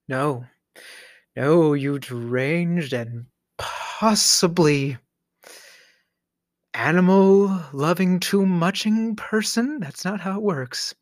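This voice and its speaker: A man delivering a scripted comedic rant, exasperated and sarcastic, sometimes dropping to a hushed whisper for emphasis. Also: fairly high pitch, no room sound, studio quality. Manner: exasperated, sarcastic ranting with mock disbelief. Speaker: comedic monologue host.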